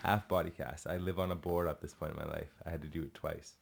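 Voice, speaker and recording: A man's voice: extremely low pitch, steady tone, fast talker, vocal fry. A man talking casually as a podcast guest, rambling with restarts and swearing, a little tipsy. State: a bit tipsy. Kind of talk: casual chat.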